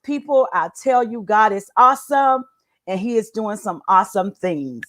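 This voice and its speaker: A woman's voice: mid-range voice, lively intonation, normal speed, a little hiss or hum. A woman, an author guest on a video call, exuberant and preachy. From United States. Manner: exuberant, preachy, laughs and shouts often. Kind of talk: casual chat.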